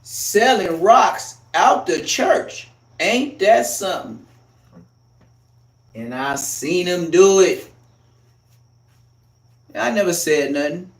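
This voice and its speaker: A man doing a loud, profane, heated comic rant as a live streamer, recorded in an echoey room. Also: high-pitched, animated, slow pace, pauses often, recorded from a distance.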